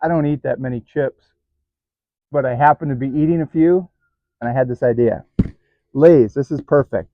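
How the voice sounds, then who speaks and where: A chatty man hosts his own hands-on DIY vlog from a garage workshop, joking at his own expense and chuckling as he works. His voice sits at a middle pitch. The recording is dry and a little dull. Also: moderate pace, long pauses, dry recording. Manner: chatty, self-mocking, chuckles often. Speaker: DIY channel host. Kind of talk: casual hands-on demo vlog.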